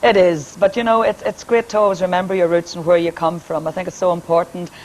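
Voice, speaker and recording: A woman from Northern Ireland, a singer and entertainer, appears as a guest on a TV interview, chatting and joking in a brassy way and laughing often. Her voice is powerful, on the low side, steady and a little mellow, and she talks fast with a Northern Irish accent. The recording is low quality, with slight background noise.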